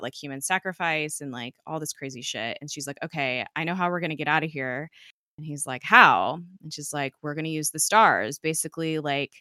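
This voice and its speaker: A woman's voice: deep voice, sharp tone, clean tone, no room sound, clean studio sound. A woman casually retelling a TV episode, chatty and full of "like" and "um", quoting the characters in her own voice. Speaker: episode recapper.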